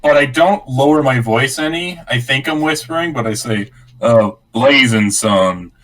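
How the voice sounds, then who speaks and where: Slow, hesitant tabletop player. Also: male voice, mid-range voice, fairly bright tone. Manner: hesitant, full of ums and restarts. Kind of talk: casual tabletop play.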